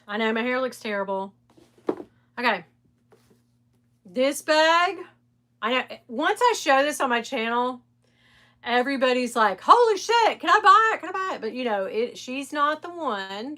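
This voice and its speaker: A chatty middle-aged woman hosts a live stream in a bright, forceful, slightly high voice. She speaks candidly and swears freely, laughing often as she talks straight to her viewers. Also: a little hiss or hum. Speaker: live stream host reselling designer bags. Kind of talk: casual live stream chat.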